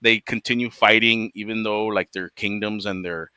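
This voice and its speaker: A man's voice: on the low side, steady tone, normal speed, bright, forceful tone, clear, resonant tone, dry recording. A man hosting a casual chat, ranting with lots of swearing and laughing often. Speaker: podcast host.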